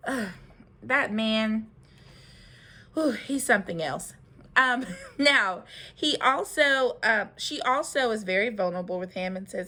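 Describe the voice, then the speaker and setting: Slightly slow and animated, her voice a little high, bright and forceful, a young woman chats through a reality show recap. She uses lots of fillers and sighs now and then.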